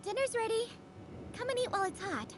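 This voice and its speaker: A woman's voice: extremely high pitch, brisk, background noise. An actress voicing a cheerful, earnest young woman dancer in a video game who is eager to leave home. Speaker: game character.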